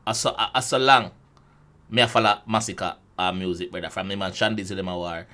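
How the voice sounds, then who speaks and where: Jamaican male reaction host: casual, excitable commentary, stop-start delivery, sharp bright tone. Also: low-pitched, a little fast. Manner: excitable, repeats words and restarts often.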